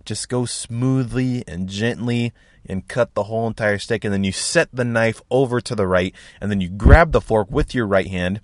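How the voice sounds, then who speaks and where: A young man hosting a podcast, telling a comic story in a loud, profane, animated way, with sound effects like boom and bang. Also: moderate pace, no room sound. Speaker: podcast host. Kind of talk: casual comedic storytelling.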